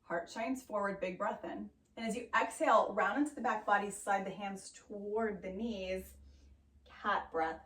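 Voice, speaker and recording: Woman yoga teacher, calm steady cues, playful breath sounds, echoey room, a little away from the mic. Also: medium pitch, measured pace. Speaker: yoga instructor. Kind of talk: guided yoga class cueing. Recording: roomy echo, voice from a distance off the mic.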